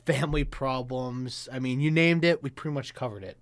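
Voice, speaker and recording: A man's voice: mid-range voice, brisk, a loud crowd. A man co-hosting a podcast in casual chat, laughing often and swearing in jokes. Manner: laughs often, crude and joking. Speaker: podcast co-host.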